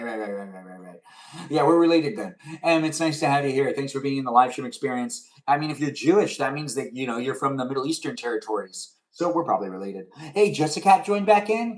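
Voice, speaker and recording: A young man chats loosely while he cooks on a live stream, wandering from thought to thought and answering viewers aloud. His voice sits at an ordinary middle pitch. It comes through a touch distant, as if the mic sits somewhere across the kitchen. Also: expressive, a little fast. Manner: rambling, chatty, answers viewers' comments aloud. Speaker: live streamer making pudding. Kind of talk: casual live-stream chat while cooking. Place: home kitchen.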